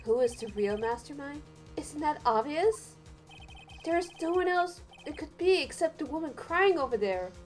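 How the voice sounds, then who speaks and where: A woman's voice: high-pitched, expressive, moderate pace, soft background music, voice pushed up. A woman playing a taunting, arrogant prosecutor. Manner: mocking, taunting. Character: arrogant young female prosecutor, taunting and cold. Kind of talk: let's play voice reading.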